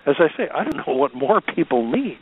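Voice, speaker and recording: A man serving as priest and co-host, speaking in a halting, indignant way with frequent restarts. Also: fairly high pitch, sing-song, slightly rough. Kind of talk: conversational religious commentary. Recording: tinny phone-like sound.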